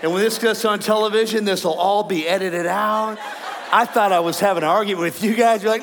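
A man preaching a sermon to a congregation, animated and joking with the crowd. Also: sits high, a little fast, a little hiss or hum. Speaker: pastor. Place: large church auditorium. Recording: long hall reverb, faint ambience.

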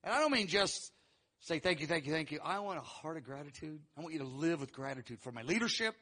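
A man preaching a sermon, teaching verse by verse and acting out quoted lines with animated, rising emphasis. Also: a little high, fast. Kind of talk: sermon teaching through scripture.

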